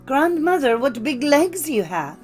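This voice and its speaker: Little storybook girl, innocent and wide-eyed, higher and sweeter, as a woman reads her. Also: sing-song, a little slow, soft background music. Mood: wondering. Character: innocent little girl in red, naive and wondering.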